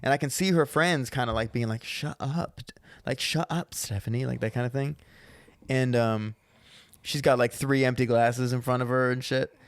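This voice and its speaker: A man co-hosting a podcast and telling a profane, animated story as a stand-up comedian in casual chat. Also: mid-range voice, moderate pace, smooth, dry recording, clean studio sound. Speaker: podcast co-host.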